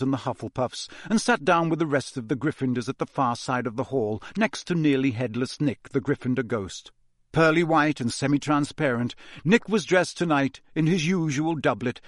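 A man narrating a fantasy novel as an audiobook in a measured storytelling manner. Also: medium pitch, no echo, clean studio sound. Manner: measured, even storytelling delivery.

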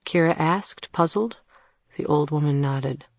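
A woman narrating an audiobook in a measured storytelling read. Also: low voice, vocal fry, a little mellow, no room sound, studio quality. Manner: measured storytelling read, puts on voices for characters.

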